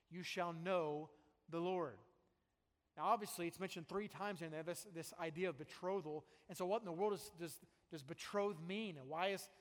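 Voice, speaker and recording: High-voiced man preaching in a reverberant church. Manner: emphatic, repeating and restarting phrases. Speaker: pastor. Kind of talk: sermon. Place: church sanctuary before a congregation.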